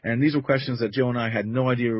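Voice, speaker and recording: Male podcast guest, quick and rambling, husky, dry lo-fi sound. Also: mid-range voice, steady tone, no room sound. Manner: quick, rambling, many restarts. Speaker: podcast guest, convention interviewer. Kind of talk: casual chat.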